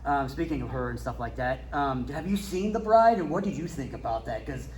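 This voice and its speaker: A man co-hosts a casual interview, chatty and quick to agree with his guest. He asks his questions loosely, in an ordinary pitch. The room adds a clear echo with faint ambience behind. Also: expressive, a little mellow, a little hiss or hum. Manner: chatty, affirms the guest often. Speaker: interviewer, co-host. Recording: roomy echo.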